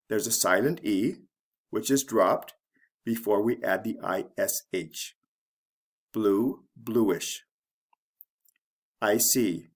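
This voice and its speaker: A man explains English spelling rules at an unhurried, careful pace, his voice sitting at an ordinary middle pitch. He spells out letters one at a time and pauses between short phrases like a patient teacher.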